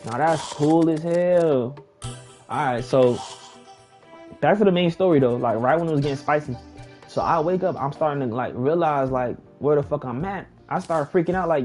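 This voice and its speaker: A young man casually telling a long story while playing a game, slangy and animated, his voice jumping high when he gets excited. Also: moderate pace, faint music behind. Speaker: gaming vlogger.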